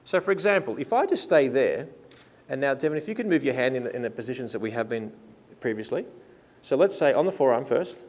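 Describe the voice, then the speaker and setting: A man leading a live workshop, playful and lively, acting out what his listeners think. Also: mid-range voice, fast talker. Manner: lively, playful, acts out clients' thoughts. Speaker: workshop presenter. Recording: reverberant hall sound.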